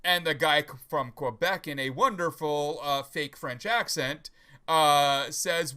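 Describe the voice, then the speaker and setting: Bright-voiced male host telling a long joke. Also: a little high, moderate pace. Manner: rambling, chatty storyteller. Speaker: podcast host. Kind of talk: casual livestream chat.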